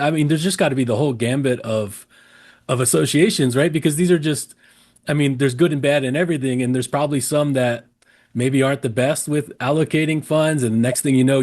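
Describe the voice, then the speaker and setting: A man's voice: medium pitch, darkish tone. Man host thinking aloud mid-interview. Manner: thinks aloud, many restarts and "right?" checks. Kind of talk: casual interview chat.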